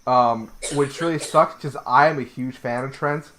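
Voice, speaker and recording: A man's voice: medium pitch, normal speed, a bit bright. A man co-hosting a wrestling podcast in casual chat, blunt and opinionated, swearing freely. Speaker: podcast co-host.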